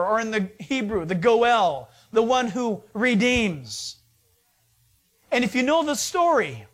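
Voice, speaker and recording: Preaching a sermon in a very high, slightly bright voice, this pastor recounts the story in an easygoing, conversational manner and voices the people's lines himself.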